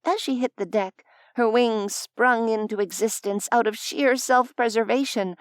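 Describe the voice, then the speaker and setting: Woman audiobook narrator, slow and expressive, fairly high voice, very dry close mic. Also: clean tone, no echo. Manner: measured, expressive storytelling.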